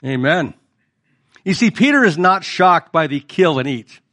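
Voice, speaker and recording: A man's voice: on the high side, very animated, unhurried, a bit bright. A middle-aged male pastor preaching a conversational sermon and putting questions to the congregation.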